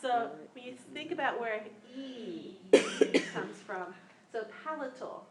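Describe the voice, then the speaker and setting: Patient female teacher, slightly high voice, demonstrates and repeats sounds, echoey classroom recording. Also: expressive, slow. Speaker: Sanskrit pronunciation teacher. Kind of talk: informal class instruction. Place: room with students present. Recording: echoey room with faint background noise.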